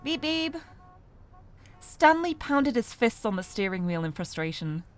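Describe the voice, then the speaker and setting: A woman's voice: mid-range voice, sing-song, moderate pace. A woman streamer reading a story game aloud, narrating expressively and breaking off to laugh and comment.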